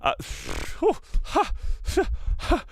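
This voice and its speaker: A man hosting a casual live stream, animated and self-deprecating, who laughs often. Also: very slow, background noise. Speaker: livestream host.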